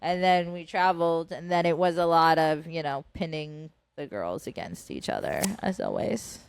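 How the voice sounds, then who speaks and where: Swearing freely and doing voices for the people she quotes, a podcast co-host in her thirties tells an animated, casual story. She has a low, gravelly voice with a clean tone, speaks at a moderate pace, and there's no room sound.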